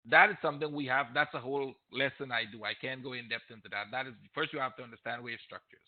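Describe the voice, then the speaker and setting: On a live Q&A webinar, a man teaches trading in a blunt, emphatic way, repeating his points and at times growing heated and loud. His mid-range voice is steady and quick, and the audio sounds tinny, like a phone.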